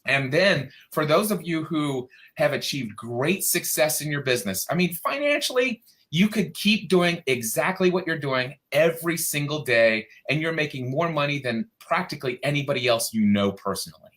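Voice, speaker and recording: A man's voice: on the high side, lively intonation, moderate pace, few pauses, a bit bright. A man appearing as a guest on an online show, promoting an event and speaking in an earnest, heartfelt way. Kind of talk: promotional pitch and chat.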